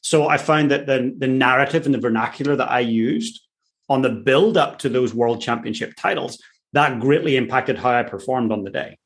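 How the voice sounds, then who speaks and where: Irish male coach, unhurried storyteller, mid-pitched. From Ireland. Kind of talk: podcast conversation.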